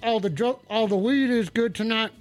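A man's voice: sits high, normal speed, faint music behind, close to an everyday voice. A man playing a stoned, blustering cowboy host of a comedic call-in radio show, with a drawling, swaggering, profane way of rambling.

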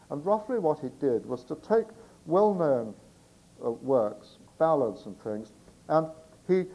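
British man, poet, chatty introductions, mellow voice, digressive. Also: fairly high pitch, rough recording. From Britain. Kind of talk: poetry reading with spoken introductions.

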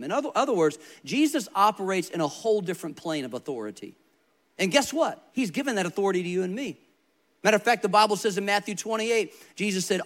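A man preaching in a storytelling manner, stressing his points by repeating them. His voice sits somewhat high for a man. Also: animated, fast talker, fairly bright tone. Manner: storytelling, emphatic repetition. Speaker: pastor. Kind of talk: sermon.

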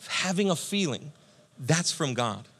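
Man, pastor, sermon, conversational, energetic, slightly high voice. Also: measured pace, slightly rough. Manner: conversational, energetic, addresses listeners as friend.

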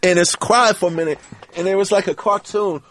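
A man guesting on a podcast, telling an anecdote in an animated, profane way and acting out the quotes. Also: high voice, a little fast. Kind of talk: storytelling anecdote.

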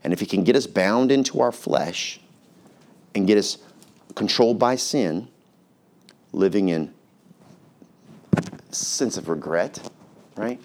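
A man's voice: on the low side, slow, pauses often, darkish tone, slight background noise. A male pastor preaching a sermon in an earnest, conversational way, reading scripture aloud.

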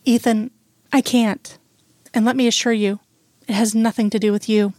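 A woman voicing a reserved young woman who speaks in a measured, apologetic way. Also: fairly high pitch, flat delivery, a little mellow, no echo, lightly acted. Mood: gentle. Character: a reserved young woman, kind but guarded.

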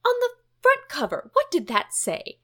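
A woman voicing a nervous, childlike furry male monster from a picture book, pleading and dramatic in a high, loud voice. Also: wildly swooping pitch, moderate pace, exaggerated voice. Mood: fearful.

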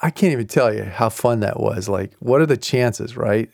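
A man's voice: mid-range voice, moderate pace, gravelly, darkish tone, no echo, clean studio sound. A middle-aged man telling a personal story in a casual way, chuckling often and acting out the other people's lines. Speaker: speaker sharing a personal story.

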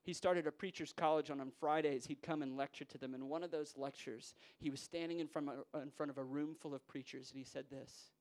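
A man preaching a sermon in a church, moving from hushed, quiet passages to rousing, emphatic ones. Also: on the high side, steady tone, a little fast, few pauses. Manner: builds from hushed to rousing, voices quoted figures.

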